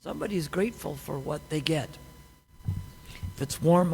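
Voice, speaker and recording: A man's voice: fairly high pitch, normal speed, vocal fry, pauses often, a little mellow, a little hiss or hum. A man giving a scripture class, teaching conversationally with many rhetorical questions. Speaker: class speaker. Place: temple hall. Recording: long hall reverb.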